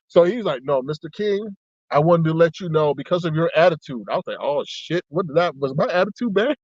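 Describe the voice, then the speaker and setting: High-voiced animated storyteller man. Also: fairly quick, dry recording, highs cut off. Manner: animated, acts out both sides with excited high jumps. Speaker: host telling a story to viewers. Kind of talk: casual storytelling to a live audience.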